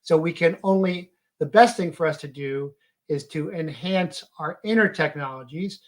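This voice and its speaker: A man giving a halting, emphatic monologue full of fillers. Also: on the high side. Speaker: commentator. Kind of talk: monologue commentary.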